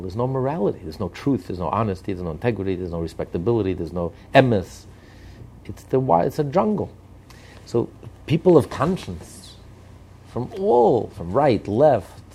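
Male commentator, gravelly, mellow-toned, insistent repetitive delivery. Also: mid-range voice. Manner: emphatic, repetitive rhetorical lists. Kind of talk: impassioned political commentary.

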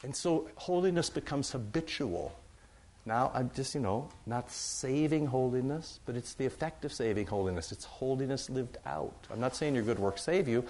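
A pastor speaking to his congregation in an easygoing, conversational sermon. His voice sits at an ordinary middle pitch for a man. He circles back on key words, saying them two or three times to drive a point home. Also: animated, moderate pace, a little mellow. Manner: conversational, repeats phrases for emphasis.

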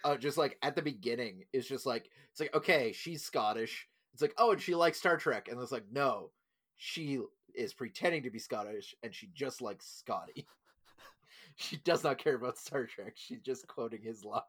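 A man talking casually about a film, tossing out quick jokes and asides. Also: mid-range voice, fairly bright tone. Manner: joking, quick asides, laughing between points.

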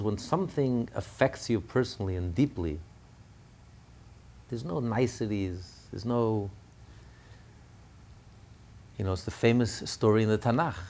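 A man with a fairly low voice preaches through a personal family story. He talks in a loose, conversational way, full of small restarts, then builds to fervent, emphatic passages. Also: gravelly, darkish tone, slightly rough. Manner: conversational, with fillers and restarts, rising to fervent peaks. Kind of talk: storytelling sermon.

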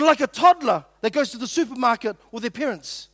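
A man's voice: very high-pitched, moderate pace, a bit bright, no echo, studio quality. A middle-aged man preaching a sermon in a conversational, joking way, acting out quotes. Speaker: pastor.

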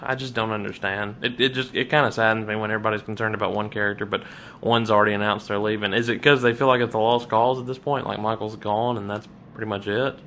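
A lower-voiced man co-hosting a podcast, talking in a loose, animated rant. He trips over his words and restarts, and his pitch jumps up when he gets worked up. Faint ambience hums behind him. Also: fast, few pauses, a little hiss or hum. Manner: animated, restarts often, rants with rising pitch. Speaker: podcast co-host. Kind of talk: casual chat.

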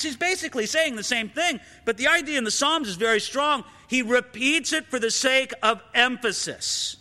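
A man's voice: very high-pitched, lively intonation, a little fast, hardly any pauses, bright, forceful tone. A pastor preaching a sermon in an earnest manner, his voice rising with emphasis. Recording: long hall reverb.

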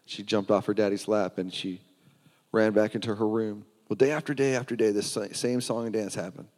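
A man's voice: fairly low pitch, steady tone, brisk, a little mellow. Man preaching in an echoing hall. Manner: earnest storytelling with frequent restarts. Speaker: pastor. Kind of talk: sermon. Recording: long hall reverb.

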